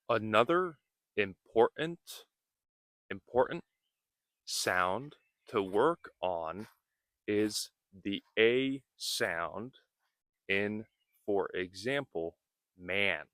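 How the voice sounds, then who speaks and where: A man teaching English, speaking slowly and deliberately, repeating words and explaining their meanings. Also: on the low side, animated, fairly bright tone, dry recording, studio quality. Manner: repeats words and defines them, very slow and careful. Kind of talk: slow, deliberate English lesson.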